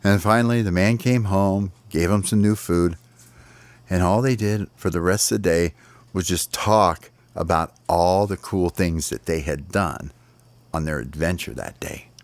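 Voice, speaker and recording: A father telling a bedtime story in an animated way, adding sound effects and sighs. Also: low-pitched, unhurried, no room sound.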